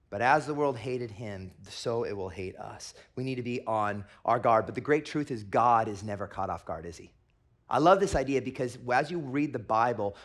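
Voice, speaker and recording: A middle-aged man, a pastor, preaching a sermon and telling stories, going from hushed to loud and excited. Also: mid-range voice. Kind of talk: sermon with storytelling.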